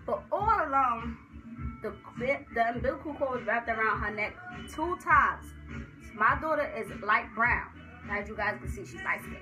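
A young woman telling the story of giving birth in a casual vlog, animated and acting out what people said. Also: normal speed, music in the background, poor audio. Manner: animated, acts out quotes with rising pitch.

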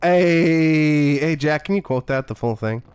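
A man's voice: mid-range voice, brisk, clear, resonant tone, dry recording. A man streaming a horror game, talking in a casual, profane, sarcastic way and playing up being scared. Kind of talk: casual gameplay commentary.

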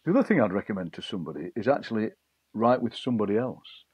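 Husky low-voiced man telling lively stories. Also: fast talker, no echo. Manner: lively anecdotal, acts out overheard voices. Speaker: poet and broadcaster, guest. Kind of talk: interview storytelling. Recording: dull lo-fi dry sound.

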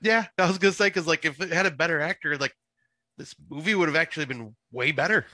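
A man who is a guest on a podcast, chatting casually about a film, agreeable and quick to chime in. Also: fairly high pitch, bright, forceful tone, dry recording. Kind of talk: casual chat reviewing a film.

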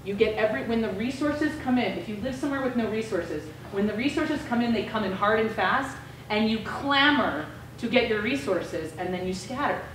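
An American woman giving a guest lecture to a class, telling a story in a frank, casual, lively way. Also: a little high, fairly quick, slight background noise. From United States. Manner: animated storyteller, casual and frank with mild swearing. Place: lecture room. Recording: echoey room, voice from far off.

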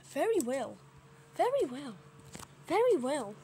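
A woman puts on a smug, condescending villain pig king for a toy story. He is slow and deliberate, speaking in a lowered voice that still sits high. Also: sing-song, mellow, a little hiss or hum, full character voice. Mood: haughty.

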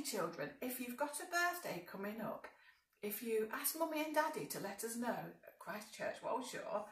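A woman's voice: fairly high pitch, roomy sound, distant mic. A woman leading a baby and toddler group, singing nursery songs and talking cheerfully to small children. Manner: cheerful, sing-song, speaking to small children. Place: church room.

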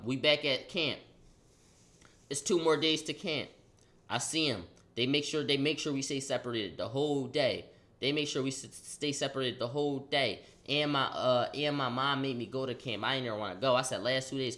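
A young man casually telling a story in slang, acting out the quotes loudly. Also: mid-range voice, moderate pace. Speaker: vlogger.

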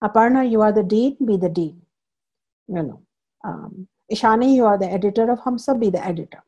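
A woman's voice: mid-range voice, brisk, warm tone, slightly rough, highs cut off. A woman spiritual teacher lecturing a scripture class, stressing points by repeating phrases and explaining terms in English as she goes.

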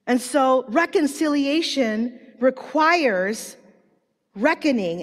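A woman preaching a sermon at a conference, telling stories in a lively, chatty way with a lot of "like" fillers and acting out quotes. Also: high-pitched. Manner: animated storytelling with many "like" fillers, acting out quotes. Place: large conference hall. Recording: long reverb of a large hall.

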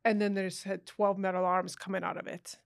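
A woman's voice: mid-range voice, a little fast, vocal fry, no room sound, clean studio sound. A woman from Ukraine, a guest in an interview, telling stories with emotion and acting out the dialogue. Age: adult. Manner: animated, emotional, acts out dialogue in voices. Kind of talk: conversational interview storytelling.

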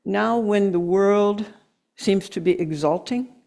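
A middle-aged woman giving an earnest, emotional sermon, slowing down to press her points and laughing at herself now and then. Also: mid-range voice, vocal fry, warm tone. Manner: earnest, emotional, with slow emphatic stretches and laughs. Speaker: guest speaker.

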